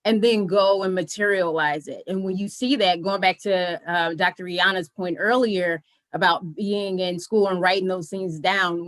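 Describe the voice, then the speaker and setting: A woman on a panel giving brisk, encouraging career advice, listing steps one after another. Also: mid-range voice, dry recording, poor audio. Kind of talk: motivational advice.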